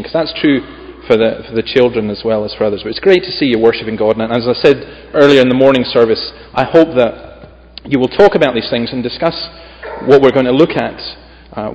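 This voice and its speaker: A man's voice: medium pitch, long reverb tail, muffled recording, a little hiss or hum. A man with a Scottish accent preaching as a visiting preacher in a church. He reads scripture with emphasis and adds chatty, humorous asides. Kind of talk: sermon.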